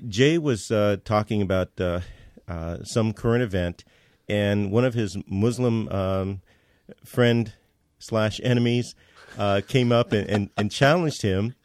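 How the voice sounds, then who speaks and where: A man as a podcast guest, telling a story in casual conversation, halting with many fillers and restarts. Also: on the low side, darkish tone, dry recording, clean studio sound.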